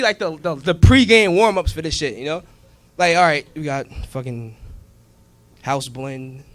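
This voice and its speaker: A man with a fairly high voice tells a profane stand-up story on a club stage. His pitch swings widely as he acts out the people in it. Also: a bit bright, a little hiss or hum. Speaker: stand-up comedian. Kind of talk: stand-up comedy. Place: comedy club stage with a live audience.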